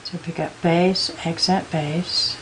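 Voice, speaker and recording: Lowish woman voice walking thru a beading tutorial, slow patient counting, little bit of background hiss. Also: flat delivery, low-quality recording. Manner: patient, counts beads aloud in slow steps. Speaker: beading instructor. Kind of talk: step-by-step craft tutorial.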